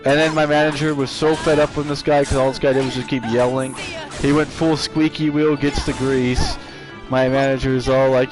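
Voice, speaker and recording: Over background video game music, a man on a live stream rambles through an anecdote about work, repeatedly backtracking to restart. He speaks at a moderate pace with a medium pitch and a level tone.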